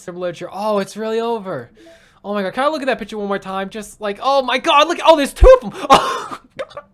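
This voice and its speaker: Young gamer wrapping up a let's play, talks quick, swears a ton, voice jumps all over. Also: medium pitch, animated, fairly bright tone. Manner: emotional, swears a lot. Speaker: gaming video creator.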